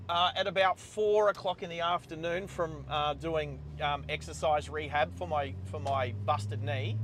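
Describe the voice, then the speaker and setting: A middle-aged Australian man telling a personal story while he drives, speaking in a halting way with many pauses and restarts. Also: on the high side, fairly bright tone. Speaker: host of a live driving stream. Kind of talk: casual storytelling while driving. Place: inside a car on the road. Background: car and road noise.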